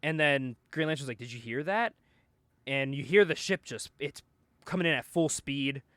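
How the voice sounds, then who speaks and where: A man's voice: medium pitch, normal speed, fairly bright tone, no echo. A man casually recapping a comic book, acting out the characters' lines and laughing often. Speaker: podcast host.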